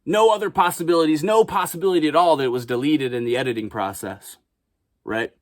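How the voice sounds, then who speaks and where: A man's voice: fairly high pitch, quick pace, no room sound, clean studio sound. A young man from Chicago telling a story casually as a vlogger, swearing freely and acting out other people's lines. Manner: animated, acts out quotes in raised voices, swears freely.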